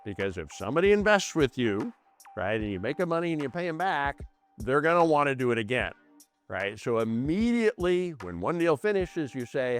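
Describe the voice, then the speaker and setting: A man's voice: mid-range voice, very animated, moderate pace, soft background music. A man explaining deals to listeners in a conversational, emphatic way, often asking questions and answering them himself. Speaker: real estate investor teaching. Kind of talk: explanatory talk.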